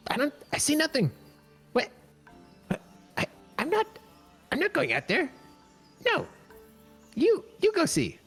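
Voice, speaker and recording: A man voicing small, skittish, excitable kobold creatures who stammer in broken speech. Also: very high-pitched, measured pace, long pauses, faint music behind, voice pushed up, heavily acted. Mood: panicked.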